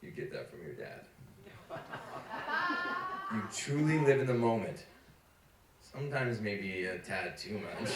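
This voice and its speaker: Groom with a low, lively voice, choked up but pushing through, heard from a far mic over room noise. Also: male voice. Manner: heartfelt, choked up, self-conscious. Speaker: groom giving a wedding speech. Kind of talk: emotional wedding speech. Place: wedding party at a cottage. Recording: roomy, distant, noisy room sound.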